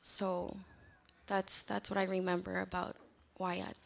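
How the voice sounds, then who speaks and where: A woman's voice: lowish voice, completely flat delivery, slow pace, vocal fry, noisy background. A woman closing a short, reflective memorial speech.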